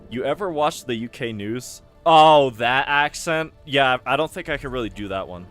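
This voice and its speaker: A man's voice: mid-range voice, expressive, moderate pace, a bit bright. A young man rambling casually while he plays a game and answers chat, chuckling often. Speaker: gaming streamer. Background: game music.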